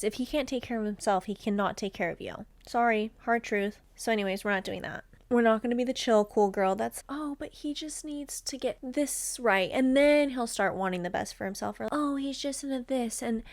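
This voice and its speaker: A woman's voice: medium pitch, no echo. Blunt, emphatic young woman podcaster. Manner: emphatic, blunt, pep-talk tone. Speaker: podcast host. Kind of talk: candid solo podcast monologue.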